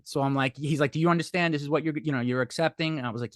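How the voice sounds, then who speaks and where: A man's voice: fairly high pitch, steady tone, rapid-fire, dry recording, studio quality. A man telling a candid, rambling story with frequent swearing and restarts, as a podcast guest. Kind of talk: casual storytelling.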